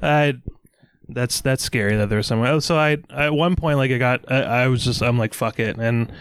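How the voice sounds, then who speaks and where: A man co-hosting a podcast, telling stories in a casual chat and mimicking people in high voices. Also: fairly even intonation, normal speed, clear, resonant tone, no room sound. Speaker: podcast co-host.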